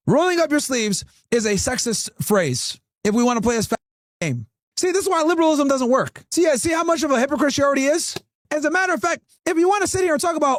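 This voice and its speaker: A man's voice: very high voice, very animated, fast talker, no room sound, studio quality. Mocking, profane man ranting to chat. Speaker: streamer reacting to a video. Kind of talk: ranting reaction commentary.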